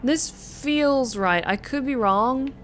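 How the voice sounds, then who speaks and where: A woman's voice: high-pitched, slow pace, slight background noise, voice pushed up. An Australian streamer talking in a put-on general American accent while she plays a game and greets her viewers. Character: herself in a neutral American accent. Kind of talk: live game stream commentary.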